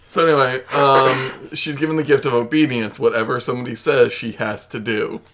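A man's voice: medium pitch, steady tone, moderate pace, noisy background. Wry, rambling man recapping a film. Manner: rambling, hedging with fillers, wry. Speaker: podcast co-host. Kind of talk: casual movie recap chat.

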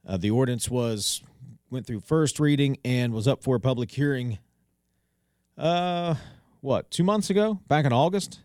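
A man's voice: medium pitch, a little mellow, no room sound. A man hosting a local talk radio show, reading headlines and commenting in a conversational way with wry asides. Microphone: studio microphone. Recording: dry studio sound.

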